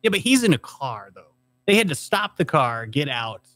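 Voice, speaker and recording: Male podcast co-host, mid-pitch, dry room, reads out stories and questions them. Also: big pitch swings, normal speed, fairly bright tone, no echo. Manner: reads articles aloud, then questions them. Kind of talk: casual chat reading news items.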